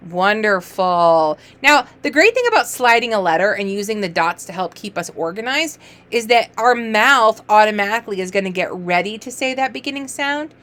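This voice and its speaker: A woman teaching early reading to young children, drawing out letter sounds and cheering each word with playful, sing-song praise. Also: medium pitch. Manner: encouraging, sing-song, playful praise with gasps and exaggerated excitement; slow, drawn-out letter sounds.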